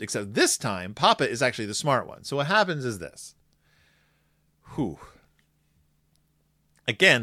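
A man casually recapping a cartoon episode, sarcastic and animated, acting out the characters in quick asides. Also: mid-range voice, no room sound, clean studio sound. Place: home room with shelves of toys.

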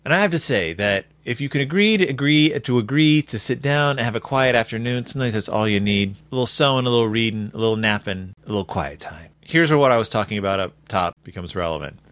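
Lively, sarcastic man recapping a kids' book. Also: mid-range voice, fast talker, hardly any pauses, no room sound. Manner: sarcastic, exaggerated, rambling. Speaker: podcast host reviewing a children's book.

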